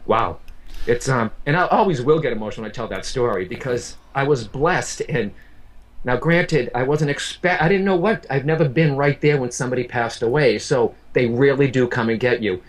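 A man's voice: mid-range voice, moderate pace. A man who works as a medium, telling an emotional personal story in an earnest way, often repeating himself and speaking straight to the listener. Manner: earnest, repeats words, addresses the listener directly.

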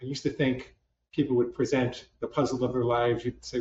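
A man's voice: medium pitch, little pitch movement, a little fast, darkish tone, slight background noise. A man, a psychologist, giving a conversational talk to a live audience with self-deprecating humor and many restarts, recorded in a hall. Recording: roomy, distant, dull lo-fi hall sound.

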